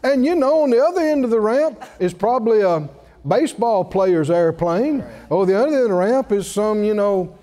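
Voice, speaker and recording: A man's voice: high voice, animated, moderate pace, warm tone. A male preacher delivering a sermon, telling a story with laughter and rising exclamations. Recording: reverberant hall.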